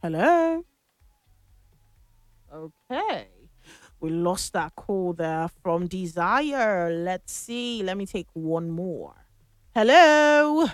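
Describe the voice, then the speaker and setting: A woman's voice: on the low side, sing-song, drawn-out words, pauses often, no room sound, studio quality. A woman hosting a morning radio call-in show, chatting playfully with callers and laughing often. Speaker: radio host.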